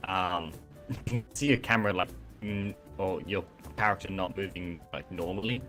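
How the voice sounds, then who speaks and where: A man chatting casually on a gaming stream, halting and searching for words with many ums. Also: low voice. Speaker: streamer testing a game mod. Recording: faint music behind.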